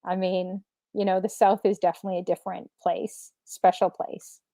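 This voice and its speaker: A woman's voice: medium pitch, flat delivery, normal speed, dark tone, no echo. A woman guest DJ rambling through stories in a casual chat over a remote call, giggling as she goes. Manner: chatty, rambling, giggly storyteller. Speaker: guest DJ and streamer.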